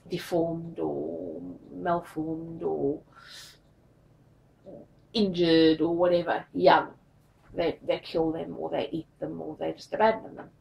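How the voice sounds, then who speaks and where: A tired, drained woman telling a personal story in a confessional vlog, halting and repeating her words. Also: on the low side, creaky, recorded from a distance, lo-fi sound. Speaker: vlogger.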